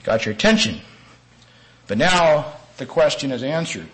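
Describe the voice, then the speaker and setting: A man preaching a sermon-style lecture, earnest and emphatic, with sudden rises in pitch and volume and some slowed, stressed phrases. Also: lively intonation, fairly bright tone, low-quality recording.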